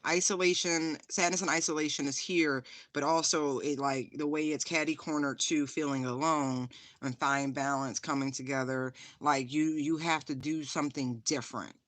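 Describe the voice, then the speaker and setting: A tarot reader talks straight to the camera in a chatty, loose way, full of ums and likes. The voice is bright and forceful, and the sound is dry and close with no room echo. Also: mid-range voice, steady tone, normal speed, few pauses. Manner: chatty and direct, many fillers, addresses viewers as honey; holding and showing a stone on camera. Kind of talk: casual spiritual card reading to viewers.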